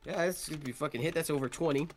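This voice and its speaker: A man's voice: on the high side, very fast, faint music behind. A young man running a tabletop game as game master, rambling and swearing as he narrates.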